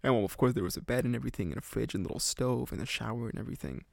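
Rambling young man with a gravelly voice. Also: medium pitch, lively intonation, very fast, no echo, studio quality. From Canada. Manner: rambling, heavy on "like" fillers, laughs often. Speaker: podcast host. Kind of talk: casual storytelling podcast.

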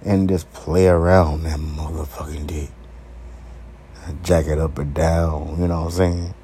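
A man delivering a raw, uncensored monologue to his viewers, brash, profane and animated, breaking into laughter. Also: very deep voice, measured pace, a little hiss or hum. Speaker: vlogger.

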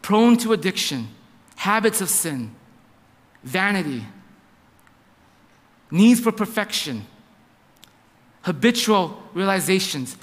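A man's voice: high voice, sing-song, takes it slowly, pauses often, in a large hall. A man in his thirties, a pastor giving a sermon in a church, telling a family story with lots of quoted dialogue and stumbling restarts. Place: church sanctuary.

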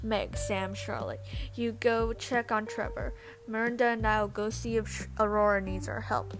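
A woman's voice: mid-range voice, steady tone, normal speed, music in the background, natural voice. Serious young ghost girl, firm and bossy, a woman reading her lines. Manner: firm, commanding. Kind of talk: storybook reading.

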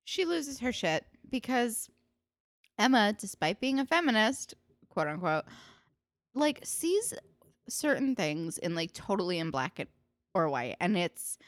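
A woman's voice: medium pitch, very animated, measured pace, dry recording. A woman co-hosting a podcast, giving blunt, opinionated takes in casual chat and swearing freely. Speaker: podcast co-host.

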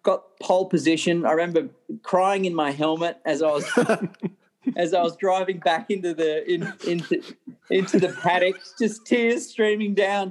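An Australian man, a racing driver, telling animated stories in an interview, often laughing and restarting his sentences. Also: sits high, normal speed, slight background noise. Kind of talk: interview storytelling.

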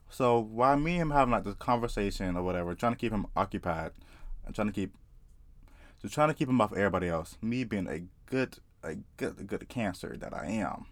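Low-voiced Southern man telling a wild story. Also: no echo. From South Carolina. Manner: profane, excitable, rambling. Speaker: vlogger. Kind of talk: casual storytelling.

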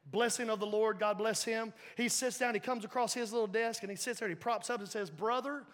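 A man preaching a sermon as a pastor, telling his story in a lively way, acting out voices and laughing along. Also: high voice, fast talker. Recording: long reverb of a large hall.

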